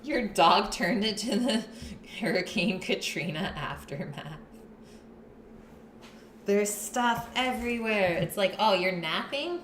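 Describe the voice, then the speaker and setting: A woman's voice: mid-range voice, expressive, slow, long pauses, a bit bright, roomy sound, a little hiss or hum. A woman hosting a live cooking stream, chatting casually with her viewers and her partner while she cooks. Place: home kitchen.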